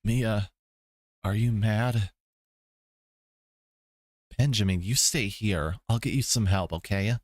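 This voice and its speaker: A man voicing a stern female school principal who gives brisk, commanding instructions in a story game. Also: lowish voice, no room sound, studio quality. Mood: urgent.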